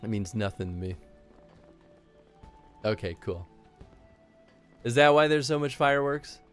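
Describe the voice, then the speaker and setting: A man's voice: medium pitch, lively intonation, measured pace, clear, resonant tone, soft background music. A tired, easygoing man streaming a game and chatting casually with viewers, a little self-deprecating after little sleep.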